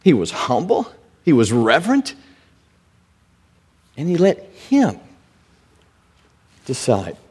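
A man preaching a sermon in a slow, deliberate way, his voice climbing high and emphatic on key lines. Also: wildly swooping pitch, a little mellow, breathy edge. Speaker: pastor.

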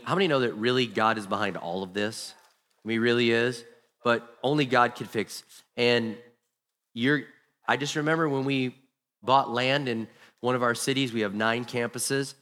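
A pastor with a mid-range, slightly bright voice delivers a sermon in a large hall. He tells stories and acts out the people he quotes.

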